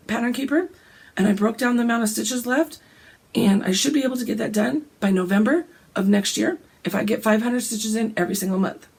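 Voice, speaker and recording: A woman, hoarse and gravelly from a cold, chatting casually about her cross-stitch plans and often clearing her throat. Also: darkish tone. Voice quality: gravelly, deep. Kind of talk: casual chat.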